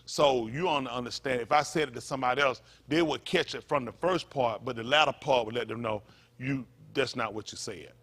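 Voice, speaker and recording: A pastor, preaching a sermon in a repetitive, emphatic manner that rises to loud peaks. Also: male voice, medium pitch, fairly quick.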